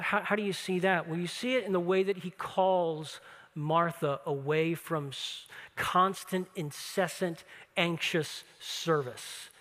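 High, bright-voiced animated preacher man. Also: in a large hall. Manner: animated storytelling, acting out quotes. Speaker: pastor. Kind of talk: sermon.

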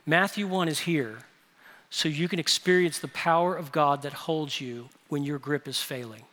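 A man's voice: a little high, fairly even intonation, moderate pace, a bit bright. A man preaching a sermon as pastor, emphatic and building to raised intensity. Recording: long hall reverb.

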